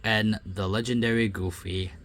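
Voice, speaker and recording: A young man casually reading out game results and reacting with loud, surprised outbursts. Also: on the low side, fairly even intonation, normal speed. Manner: reads results aloud, then breaks into loud surprised outbursts. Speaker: gaming YouTuber reading a simulator.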